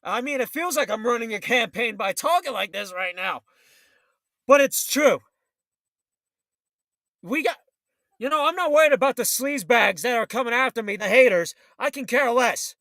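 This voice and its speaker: A fiery male talk show host who rants bluntly and combatively. His voice sits unusually high and rings bright and forceful. The sound is dry and close, with no room around it. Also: lively intonation, normal speed, creaky, long pauses, dry recording. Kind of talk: political talk show rant.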